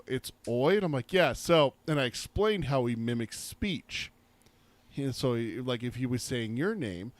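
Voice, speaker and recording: A man co-hosting a book podcast, telling stories in an animated way, swearing and laughing as he talks. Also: mid-range voice. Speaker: podcast co-host. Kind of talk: casual chat.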